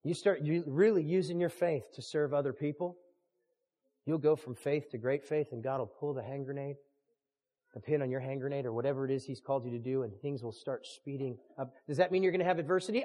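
A man preaching a sermon as a storyteller, animated, swinging from hushed lines to shouting. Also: medium pitch, a little fast, long reverb tail. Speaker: pastor.

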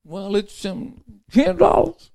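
A man voicing an eager, whiny 95-year-old husband who pleads and gets excited. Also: slow pace, creaky, exaggerated voice. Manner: pleading, excitable, high put-on voice.

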